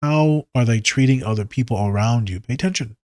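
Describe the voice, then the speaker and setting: A man's voice: mid-range voice, a little fast, no room sound, studio quality. Blunt, profane man on a podcast. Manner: blunt, profane, animated storytelling. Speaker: podcast host. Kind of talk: casual advice monologue.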